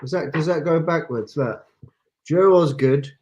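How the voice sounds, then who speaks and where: A man, a guest singer, chatting on a video call in a halting way with many pauses and restarts. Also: fairly high pitch, darkish tone, muffled recording, slight background noise. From England. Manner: hesitant, lots of ums and restarts. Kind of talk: casual video call chat.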